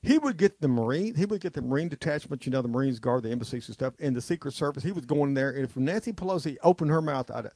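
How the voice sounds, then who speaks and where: A man's voice: on the high side, animated, fast, hardly any pauses, darkish tone, slightly rough, no echo. A man hosting a talk show, ranting in an agitated, rambling way and repeating himself. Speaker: radio talk show host.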